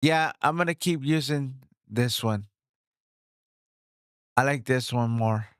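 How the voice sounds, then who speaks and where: A man chatting in a casual vlog about his new microphone setup, excited, repeating himself and talking straight to viewers on a studio mic. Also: medium pitch, slow pace, clean tone, no echo. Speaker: streamer reviewing his gear. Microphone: studio microphone, swapped between two.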